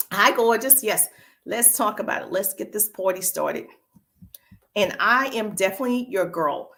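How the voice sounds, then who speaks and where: A woman's voice: mid-range voice, fairly bright tone. A woman with a Southern US accent hosts a casual livestream as a social media business coach, upbeat and greeting viewers by name, with a cough drop in her mouth.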